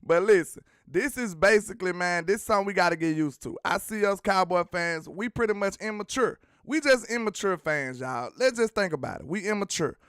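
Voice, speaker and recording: A man's voice: sits high, fairly quick, hardly any pauses, clear, resonant tone, dry recording, studio quality. A man hosting a sports talk show, chatting casually and teasing viewers as he reads out their comments. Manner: animated, slangy, teasing the chat.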